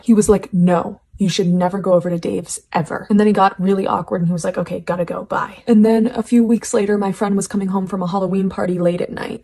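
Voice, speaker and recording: A woman's voice: mid-range voice, warm tone. A young woman telling a story in a casual, matter-of-fact way.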